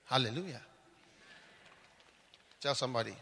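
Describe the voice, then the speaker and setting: A man preaching a lively, mocking, humorous sermon, often mimicking people. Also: sits high, normal speed, long reverb tail.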